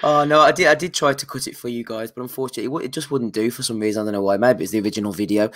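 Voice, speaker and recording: A man's voice: medium pitch, steady tone, very fast, fairly bright tone. A man hosting a casual podcast, breezy and upbeat as he introduces segments. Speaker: podcast host.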